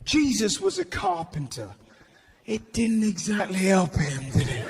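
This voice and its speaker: High-voiced stand-up comic. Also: male voice, measured pace, gravelly, soft background music. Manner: animated, sweary, storytelling. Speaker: stand-up comedian. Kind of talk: live stand-up comedy. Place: large theatre stage. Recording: noisy live venue.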